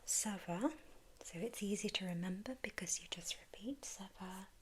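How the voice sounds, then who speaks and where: A woman with an English accent, teaching in a whispered role-play as a gentle language tutor who prompts the listener to repeat. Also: medium pitch, normal speed, noisy background.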